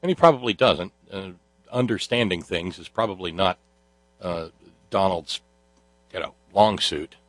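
A man's voice: sits low, expressive, measured pace, pauses often, no room sound. A man hosting a talk show, delivering a sardonic monologue full of fillers and restarts. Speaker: host.

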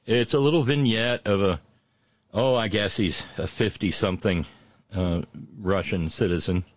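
A man's voice: fairly low pitch, no room sound. A man telling a story in a rambling, sardonic monologue, full of restarts and fillers. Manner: halting, many restarts and fillers.

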